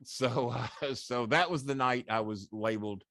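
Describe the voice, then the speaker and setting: A man in his sixties, a former wrestling manager, telling animated, profane anecdotes as a guest in an interview. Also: medium pitch, normal speed, no echo, clean studio sound. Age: 60s. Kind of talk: storytelling interview.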